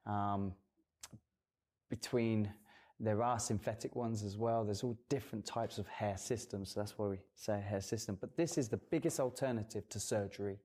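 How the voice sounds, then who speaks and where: Male guest, low voice, earnest and long-winded with fillers, relaxed chat. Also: moderate pace. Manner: earnest, explains at length with fillers. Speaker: guest hairdresser and salon owner. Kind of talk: casual studio interview.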